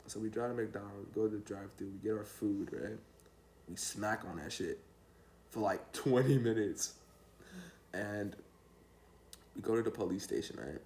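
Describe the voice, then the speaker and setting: A man's voice: on the low side, normal speed, pauses often, a little mellow, slight background noise. A young man telling a rambling, slangy story to his vlog viewers in a laid-back way. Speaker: storytime vlogger. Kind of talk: casual storytelling.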